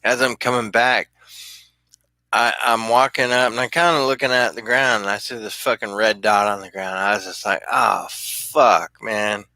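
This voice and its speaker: A man's voice: mid-range voice, steady tone, moderate pace, pushed and bright, no echo. A middle-aged man telling rambling, profane stories in a casual vlog and laughing often. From California. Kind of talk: casual storytelling.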